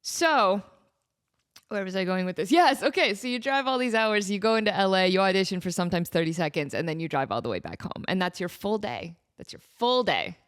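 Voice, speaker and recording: A woman hosting a podcast, telling stories in a rambling, animated way and laughing often. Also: mid-range voice, fairly quick, clean tone. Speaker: podcast host. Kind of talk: casual storytelling monologue.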